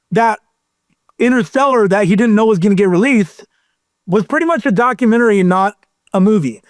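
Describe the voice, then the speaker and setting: Male guest, high pitch, animated rambling storyteller, dry mic. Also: no echo. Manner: rambling, animated storyteller who acts out quotes. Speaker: podcast guest. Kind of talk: casual storytelling chat.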